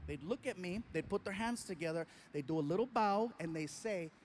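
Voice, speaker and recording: A man's voice: sits high, lively intonation, brisk, a crowd in the background. A man performing a stand-up comedy routine, telling a story with animation and acting out other people.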